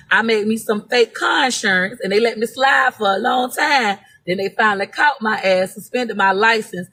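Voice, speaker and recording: A woman talks in a loose, unscripted live-stream monologue, blunt and heavy on profanity. Her pitch sits in an ordinary middle range. A faint hum of ambient noise runs underneath. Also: a bit bright. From Florida. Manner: blunt, profane, emphatic storytelling. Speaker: social media personality.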